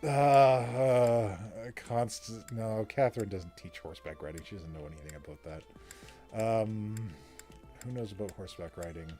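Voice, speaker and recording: A man's voice: lowish voice, unhurried, mellow, faint music behind. A man casually commenting on his gameplay, joking and swearing freely. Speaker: let's play gamer.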